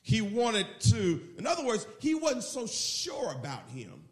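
Animated high-voiced preacher man, echoey hall. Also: unhurried. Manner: animated, acts out the scene in storytelling. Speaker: pastor. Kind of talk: sermon.

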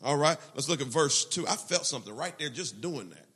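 Pastor animado de voz alta e rouca. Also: male voice, fairly high pitch, a little fast, breathy edge. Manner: animated preaching, quoting prayers and scripture with shifting intensity. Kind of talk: sermon.

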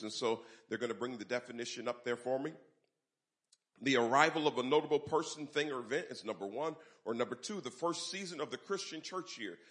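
A pastor preaching a sermon in a church, leading the congregation in call-and-response and rising loud on key phrases. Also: male voice, mid-range voice. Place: church sanctuary.

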